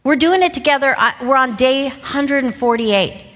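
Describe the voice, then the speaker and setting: Woman, fifties, motivational stage speaker, animated storyteller, rather high voice, bright. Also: normal speed, in a large hall. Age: 50s. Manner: animated storyteller who laughs often. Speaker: seminar speaker. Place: stage in a large event hall. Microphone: lapel mic.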